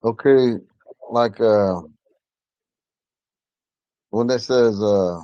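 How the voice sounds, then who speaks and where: A man teaching an online language class, talking in a relaxed, rambling way with many fillers. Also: fairly low pitch, extremely slow, no room sound, dull audio. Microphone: phone.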